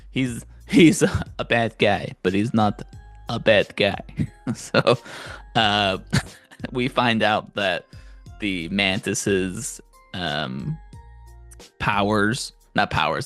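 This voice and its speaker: A man's voice: mid-range voice, a bit bright, no room sound. A man hosting a podcast, recapping an anime episode in a casual, chatty way, laughing often and using many fillers. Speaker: podcast host.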